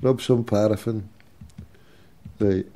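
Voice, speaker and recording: A man's voice: lowish voice, steady tone, slow pace, mellow. A man with a Glasgow accent hosting, teasing and swearing in casual banter with a caller. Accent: Scottish, Glasgow. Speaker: host. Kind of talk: casual chat.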